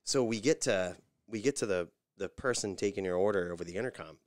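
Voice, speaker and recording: A man co-hosting a casual podcast, telling stories with lively mimicry of other people's voices. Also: on the low side, brisk, no room sound. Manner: animated storyteller, mimics voices in anecdotes. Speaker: podcast co-host. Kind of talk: casual chat.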